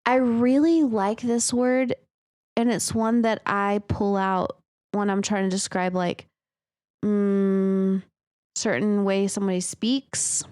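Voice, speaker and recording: A woman's voice: mid-range voice, steady tone, slow pace, a little mellow, clean tone, dry recording, studio quality. A woman co-hosting a writing podcast, chatting casually, often agreeing and saying um. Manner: agreeable, lots of "mm-hmm" and "um". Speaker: podcast co-host. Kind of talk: casual chat.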